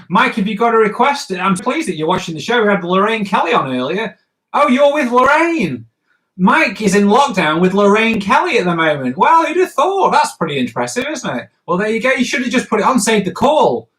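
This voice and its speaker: A man's voice: high voice, bright, forceful tone, poor audio. A man hosting a live drawing stream, chatting playfully and narrating each sketch as he draws.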